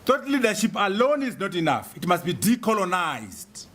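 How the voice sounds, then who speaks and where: A man's voice: high-pitched, wildly swooping pitch, normal speed, a bit bright, a little hiss or hum. A man from Zimbabwe giving an emphatic, rhetorical public speech, repeating key phrases for effect. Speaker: speaker.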